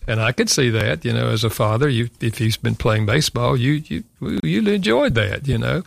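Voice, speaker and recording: A man's voice: medium pitch, animated, moderate pace, gravelly, no room sound. An older man, a guest author, telling a personal parenting story in an earnest, reflective way, often saying "you know". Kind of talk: conversational storytelling.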